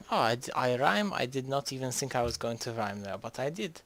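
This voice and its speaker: A man's voice: medium pitch, expressive, normal speed, background noise. A man casually commenting on a strategy game he plays, rambling and joking, often restarting his sentences. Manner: rambling, jokey, trails off mid-sentence. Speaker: gaming video host.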